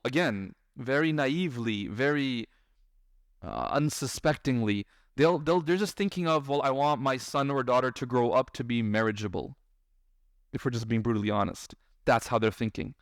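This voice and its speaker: A man who is a parent gives a lively lecture, often asking his audience questions and acting out parents and children. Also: a little high, dry recording, clean studio sound. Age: adult parent. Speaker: Islamic speaker.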